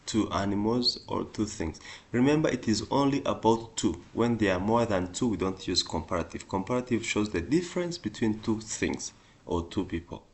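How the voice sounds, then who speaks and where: A man leads a beginner English grammar lesson step by step, repeating each example word with extra stress. He speaks slowly and deliberately, saying the example words louder and at a higher pitch.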